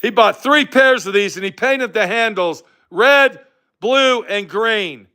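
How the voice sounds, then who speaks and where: An older man on a livestream, speaking slowly in a high, pushed, bright voice, goes on an angry rant from his workshop. He swears at viewers and fires back at their comments.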